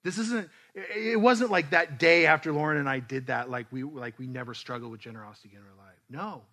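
A man preaching in a church, his voice bright and forceful. He tells the story in a relaxed, conversational way, often stopping and restarting his sentences before landing a point. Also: on the high side, a little fast. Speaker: pastor. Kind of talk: storytelling sermon.

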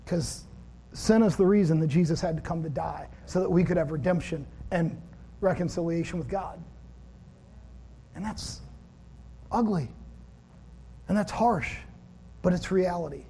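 High-voiced man preaching a casual sermon. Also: a little slow, vocal fry, pauses often, warm tone, a little hiss or hum. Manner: conversational, acts out dialogue with a friend. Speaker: pastor.

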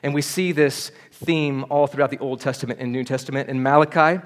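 A man's voice: medium pitch, fairly even intonation, fairly quick. A man preaching a sermon at a church service, earnest and building to urgent appeals. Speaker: pastor.

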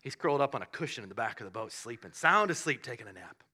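Lively, bright-voiced male preacher. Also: medium pitch, fast. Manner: animated storytelling, acting out the disciples in loud bursts and hushed asides. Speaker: pastor. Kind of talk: sermon.

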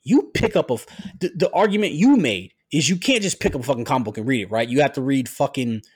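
A man's voice: medium pitch, lively intonation, quick pace, slightly rough. A man who writes comics, a podcast guest, arguing his point in casual chat, restarting often and swearing.

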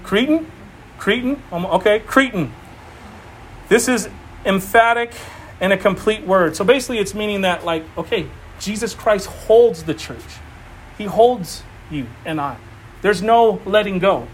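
A man preaching an informal sermon, animated and emphatic, repeating phrases and laughing often. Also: high voice, moderate pace, slight background noise. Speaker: preacher teaching a Bible study.

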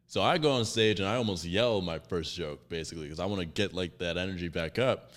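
A man with a very low, deep voice talks casually as a stand-up comedian on a podcast. He rambles through his story, full of fillers and false starts. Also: fairly quick, fairly bright tone.

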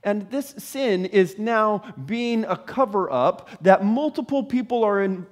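Guy preaching a sermon, kinda high voice, really animated, storyteller vibe, goes loud then real quiet. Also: measured pace. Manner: dramatic storyteller, acts out characters, swings from loud to hushed. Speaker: pastor.

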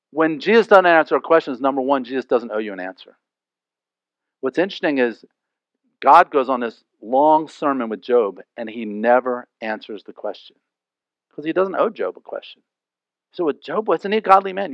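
A man preaching a sermon in a loose, chatty way that keeps checking in with his listeners. His voice sits a little high for a man. The recording sounds slightly dull and very dry. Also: no echo. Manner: conversational, with frequent asides and rhetorical questions. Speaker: pastor.

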